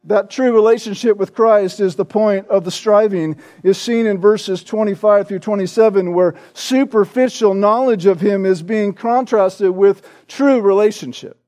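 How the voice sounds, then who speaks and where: A male pastor preaching a sermon with emphatic stress on repeated words, often tagging his points with a quick "right?". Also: high-pitched, darkish tone. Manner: peppers points with "right?" tag questions.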